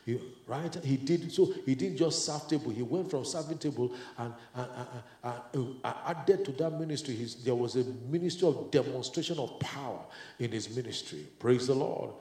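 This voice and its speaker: A man leading group prayer at a leaders' retreat, preaching in a halting way with many filler sounds and turning to fervent prayer in tongues. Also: medium pitch, warm tone. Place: retreat meeting room. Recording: echoey room.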